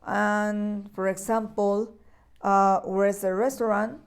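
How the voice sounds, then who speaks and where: A woman teaches English to young children in a recorded lesson. She speaks at an unhurried pace in a medium-pitched voice. She keeps repeating key words and checking in with the class. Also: flat delivery, clear, resonant tone. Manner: slow, patient, repeats key words with frequent "okay?" checks. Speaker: primary school English teacher.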